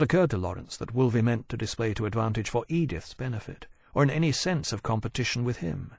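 A man reading a novel aloud as an audiobook narrator, in even, measured storytelling. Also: mid-range voice, vocal fry, no room sound, clean studio sound. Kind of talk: scripted narration.

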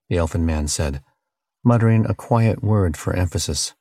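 Deep-voiced man narrating an audiobook. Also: no echo, clean studio sound. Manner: steady, measured reading. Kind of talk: scripted narration.

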